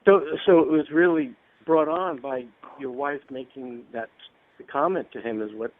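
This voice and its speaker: Male interview guest, friendly, halting restarts, mid-pitched, tinny phone-line audio. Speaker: guest actor. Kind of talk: casual interview chat.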